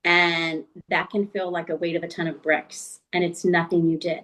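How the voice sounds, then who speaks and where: A woman's voice: fairly low pitch, little pitch movement, normal speed, fairly bright tone, poor audio. A middle-aged woman author speaking as an interview guest, earnest and thoughtful in her reflections.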